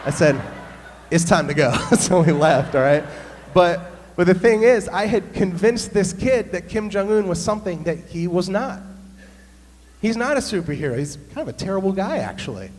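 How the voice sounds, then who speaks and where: A man, a pastor, telling a humorous story in an animated sermon. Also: high voice, normal speed. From United States. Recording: long hall reverb, faint hum.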